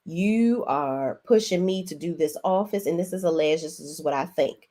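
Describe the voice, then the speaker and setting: A woman's voice: low voice, moderate pace, mellow, pitched below the performer's own voice. Woman doing a blunt, scolding husband.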